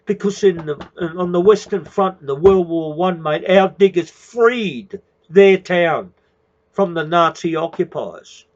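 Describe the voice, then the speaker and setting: An Australian man ranting at his listeners in a raised, slightly high voice. He swears freely, circles back over the same phrases and keeps dropping in "mate". The recording sounds dull and lo-fi. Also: lively intonation, measured pace. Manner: profane, repetitive, calls listeners "mate". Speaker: activist speaking to followers. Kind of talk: impassioned rant.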